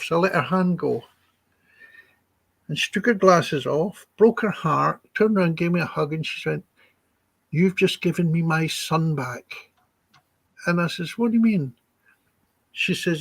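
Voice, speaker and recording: A slightly high, husky male voice, recounting personal stories to an interviewer. He is chatty and acts out each quoted line of dialogue, and the sound is close and dry. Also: dry recording. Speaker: psychic healer guest. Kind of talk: anecdotal storytelling in an interview.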